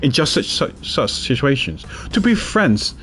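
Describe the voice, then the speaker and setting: A man putting on a composed prosecutor who mentors a younger partner, speaking low and slow in a measured, lecturing way. his pitch still moves with expression, and soft game music plays faintly behind. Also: big pitch swings. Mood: calm lecturing. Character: composed older male prosecutor, calm mentor. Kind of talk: reading game dialogue aloud.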